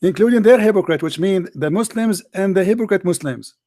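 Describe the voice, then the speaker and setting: A combative man argues his side of a religious debate, mocking his opponent and hammering the same phrases again and again. His voice sits high for a man. The sound is close and dry, with almost no room echo. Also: expressive, fairly quick, warm tone. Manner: combative, mocking, repeats himself. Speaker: debate host.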